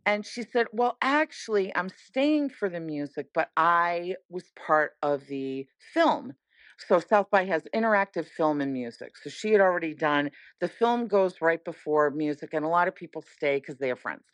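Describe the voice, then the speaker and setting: A middle-aged woman tells a story on a podcast, excited and acting out the people she quotes. Her voice sits a little low. The recording is close and dry, with no room sound. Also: moderate pace, no echo. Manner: animated, acts out quoted voices. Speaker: podcast guest. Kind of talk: casual storytelling chat.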